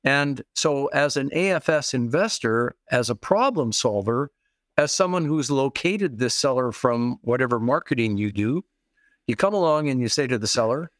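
A man's voice: medium pitch, lively intonation, moderate pace, a bit bright, dry recording, studio quality. A man guest explaining investing strategies in an interview, repeating key phrases and acting out the people in his examples. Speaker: real estate investing guest expert.

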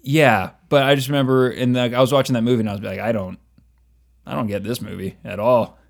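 A man co-hosting a casual chat, talking loosely with lots of filler words and quick laughs. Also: mid-range voice, fairly even intonation, creaky. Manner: laughs often, many fillers and restarts. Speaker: podcast co-host.

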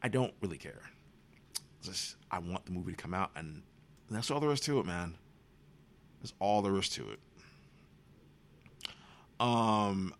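A man's voice: deep voice, fairly bright tone. A man hosting a podcast, giving profane, sarcastic commentary on movie news. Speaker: podcast host.

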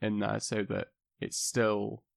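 A man's voice: lowish voice, flat delivery, slow pace, vocal fry, dry recording, studio quality. A young man, a university student, talking earnestly and repeating words as he thinks. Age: young adult. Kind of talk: casual podcast chat.

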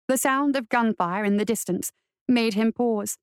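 A woman narrating a western adventure story in a steady storytelling voice. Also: a little high, normal speed, smooth, no echo, studio quality. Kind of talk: audiobook narration.

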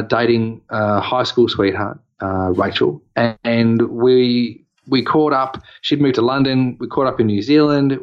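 A man's voice: mid-range voice, lo-fi sound. A man with an Australian accent, casually telling a long personal story on a podcast, rambling with fillers and restarts. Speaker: podcast co-host.

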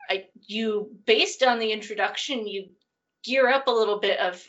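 A woman's voice: medium pitch, measured pace, fairly bright tone, slight background noise. A woman co-hosting a podcast, chatting casually about a movie, laughing often and trailing off mid-sentence. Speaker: podcast co-host. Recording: dull lo-fi audio.

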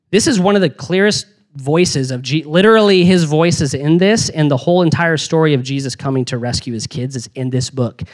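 A young man giving a casual youth sermon, energetic and slangy, with frequent restarts and asides. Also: on the high side. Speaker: youth pastor.

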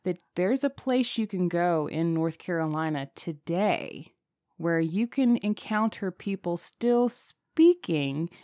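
A woman's voice: on the low side, expressive, slow, warm tone, no room sound, clean studio sound. A woman co-hosting a podcast, telling a story in casual chat and laughing often. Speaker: podcast co-host.

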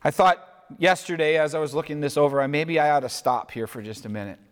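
A man preaching a sermon, deliberate and questioning, addressing listeners who worship at home. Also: fairly high pitch. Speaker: pastor. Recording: echoey hall reverb.

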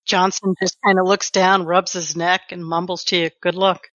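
A woman's voice: lowish voice, level tone, moderate pace, a bit bright, no echo, dull audio. A woman narrating a tabletop horror game as game master, describing scenes step by step.

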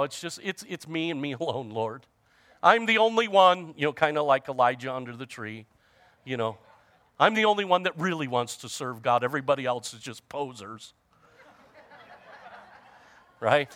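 A man preaching to a congregation in a conversational way, joking with the listeners and calling out for their response. His voice sits high and swings widely in pitch. It is bright and close, with a dry sound. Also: lively intonation, moderate pace, long pauses, dry recording. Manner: conversational preaching with humor and audience call-outs. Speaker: pastor. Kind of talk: sermon.

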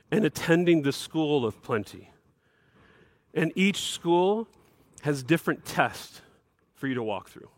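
A middle-aged man delivers a sermon as pastor in a somewhat high voice. He preaches emphatically, often climbing higher on key phrases. The sound is dry and close, with no room echo. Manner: emphatic preaching, rising to bursts of higher pitch.

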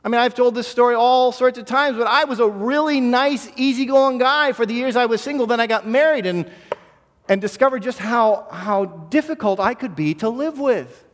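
A man's voice: very high-pitched, normal speed, big-room sound. A man preaching a sermon as pastor, earnest, often repeating a word as he restarts a phrase.

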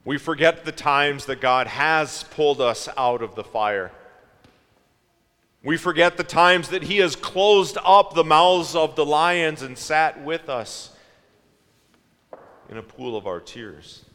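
A man preaching a sermon in a slow, reflective way, asking his listeners questions. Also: a little high, fairly bright tone, big-room sound.

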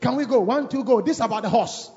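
A man preaching a fervent sermon to his congregation in a church hall, shouting declarations and calling for responses. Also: very high voice, fast. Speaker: pastor. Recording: echoey, slightly dull church hall recording.

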